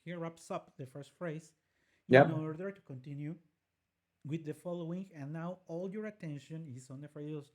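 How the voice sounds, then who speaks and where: A woman's voice: low-pitched, normal speed, a little mellow. Woman breaking down a singer's phrasing. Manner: explanatory, demonstrates by singing phrases. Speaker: co-host and vocal coach. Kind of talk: analytical music commentary with sung examples.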